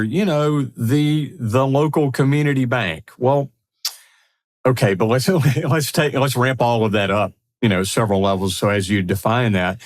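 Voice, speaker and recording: A man co-hosting a podcast in a casual, upbeat way, affirming his partner and building on his points. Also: medium pitch. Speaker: podcast co-host.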